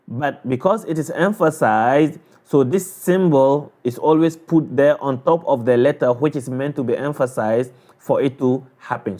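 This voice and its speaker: A man teaching a recitation lesson, patiently repeating sounds slowly to demonstrate and checking in with "all right?". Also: mid-range voice, a little mellow. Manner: frequent "all right?" check-ins and restarts. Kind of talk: explanatory lesson.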